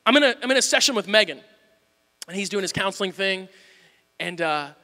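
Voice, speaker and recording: Man, pastor, very high voice, sharp tone, candid sermon, long hall reverb. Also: expressive, fairly quick. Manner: candid and self-deprecating, swings from hushed to shouting. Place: church.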